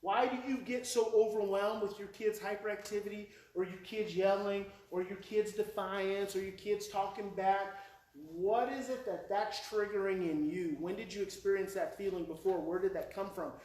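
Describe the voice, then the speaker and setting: This Oklahoma-accented parenting educator in his forties speaks to a live audience in a presentation hall, his high-pitched voice steady and darkish at a normal speed. He repeats his main phrases and tells stories with feeling. The mic sits far from him in the roomy hall and picks up faint noise.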